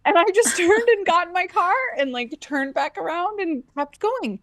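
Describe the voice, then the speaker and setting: Animated woman telling a story. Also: very high-pitched, moderate pace, no room sound, clean studio sound. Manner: animated storyteller, acts out her own inner voice and dialogue. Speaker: podcast co-host. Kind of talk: casual storytelling chat.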